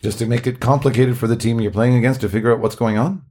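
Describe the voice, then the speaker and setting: A man's voice: medium pitch, fairly even intonation, fast, a little mellow, slightly rough. A man co-hosting a casual podcast chat about hockey, joking and laughing often. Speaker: podcast co-host.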